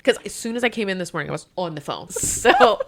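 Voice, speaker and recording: A woman, a hotel manager, telling a work story in casual chat on a podcast, animated and quick to laugh. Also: fairly low pitch, gravelly, noisy background. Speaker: podcast co-host.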